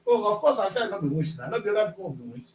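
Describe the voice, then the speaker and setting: Nigerian talk-show co-host, man, very high lively voice, roomy and distant sound. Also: racing. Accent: Nigerian Pidgin-inflected English. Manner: animated, switches into Pidgin, rhetorical questions. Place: studio. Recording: echoey, from off-mic.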